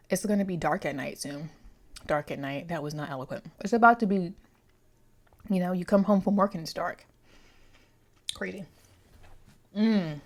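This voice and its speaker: A young woman in a casual chat about books, rambling and correcting herself as she goes. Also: on the low side. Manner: chatty, rambling, self-correcting. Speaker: book vlogger.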